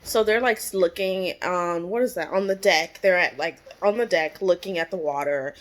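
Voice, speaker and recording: A woman's voice: fairly low pitch, normal speed. Chatty woman recapping a TV episode. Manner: chatty, lots of "like" and "you know", acts out characters' lines. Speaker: vlogger.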